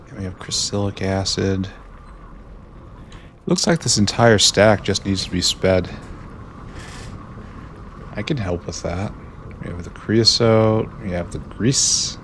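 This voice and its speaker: Low-voiced guy mumbling thru his game, slow and dry, faint hum behind. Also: steady tone, fairly bright tone. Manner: musing, talks to himself, dry self-mockery. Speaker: gameplay streamer. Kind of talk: casual commentary.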